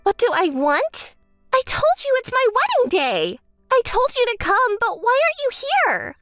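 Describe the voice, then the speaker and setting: A woman voicing a spoiled, boastful young bride who whines and makes demands in a shrill voice. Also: big pitch swings, normal speed, fairly bright tone, dry recording, studio quality, faint music behind, exaggerated voice. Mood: frantic. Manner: whiny and demanding, rising to shrill outbursts. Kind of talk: texting-story voice acting.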